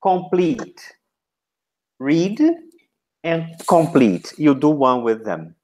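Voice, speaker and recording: A man giving feedback to a trainee teacher, modeling classroom instructions in short, deliberate chunks. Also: a little high, big pitch swings, a little mellow.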